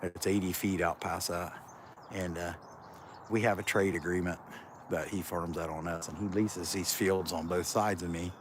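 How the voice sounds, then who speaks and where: A man with a lazy Kentucky drawl rambles through a casual live chat, his voice sitting a bit low. He is out in open farm fields, with faint outdoor noise behind him. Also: steady tone, normal speed. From Central Ohio. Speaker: livestream host.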